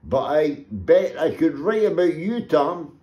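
Brief: man voicing a boastful Scottish poet, mellow, unhurried, declaiming. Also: on the high side, big pitch swings, muffled recording, pitched above the performer's own voice. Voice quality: grand and declaiming. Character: pompous self-important male poet. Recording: echoey room.

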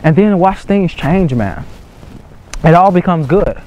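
Young male coach, fairly high voice, earnest and repetitive, casual swearing. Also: lively intonation, measured pace, a little mellow, highs cut off, slight background noise. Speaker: dating coach. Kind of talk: motivational monologue.

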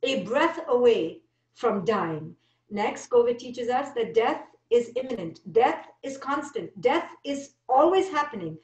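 A woman's voice: a little high, expressive, a little slow, a little mellow, recorded from a distance. A woman giving a spiritual motivational talk, driving her points home with short, repeated declarations. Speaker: speaker. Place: speaking virtually. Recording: echoey room, voice off-mic.

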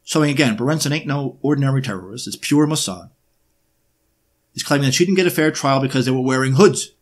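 A man presenting an unscripted history monologue, emphatic and sarcastic, often pausing on uh and um while he builds his points. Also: mid-range voice. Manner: emphatic, with sarcastic rhetorical questions; frequent hesitations with uh and um.

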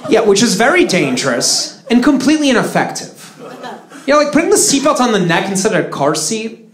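A man in his thirties from Russia doing live stand-up comedy, lively with flat deadpan punchlines. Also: sits high, fairly quick. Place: comedy stage before a live audience. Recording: roomy live venue with crowd laughter.

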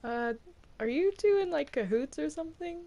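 Woman as a confused cartoon angel in a game role-play, high and very lively, stammers her protests. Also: normal speed, creaky, highs cut off. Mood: bewildered.

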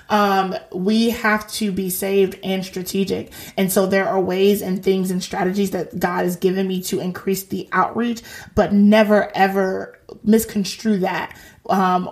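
A woman's voice: mid-range voice, flat delivery, normal speed. A woman in her thirties hosting a faith podcast, talking casually, earnest and exhorting, with slangy asides.

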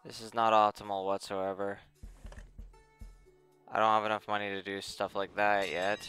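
A man's voice: fairly low pitch, level tone, moderate pace, fairly bright tone, faint music behind. A young man giving exasperated, sarcastic let's play commentary, muttering at the game as he plays. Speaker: gaming channel host.

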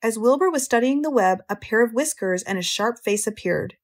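A woman with an American accent narrating a children's novel audiobook clearly and steadily for English learners. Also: on the high side, expressive. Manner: clear, measured storytelling.

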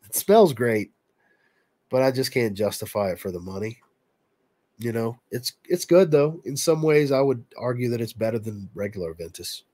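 A man's voice: medium pitch, moderate pace, dry recording. Congested man hosting a livestream. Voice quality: nasal. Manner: relaxed, answering viewer questions. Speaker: livestream host. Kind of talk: casual livestream chat.

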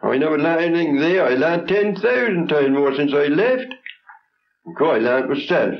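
A man's voice: a little high, animated, normal speed. Old country fella in his 70s, blunt short phrases, muffled old film sound. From England. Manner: plain-spoken, blunt, in short broken phrases. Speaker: traditional folk singer. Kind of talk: reminiscing in an interview.

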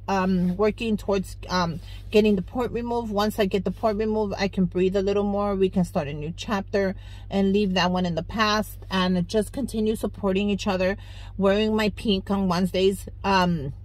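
Woman vlogger, casual, heartfelt and rambling, mid pitch. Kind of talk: casual chat to viewers. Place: on her way to work.

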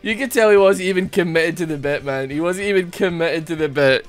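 A young man with a bright, forceful voice, chattering through a game in a loose, joking way. He rambles and teases himself as he plays. Soft music sits quietly behind him. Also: high voice, moderate pace, smooth. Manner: rambling, jokey, self-mocking. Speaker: gaming streamer. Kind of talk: casual gameplay commentary.

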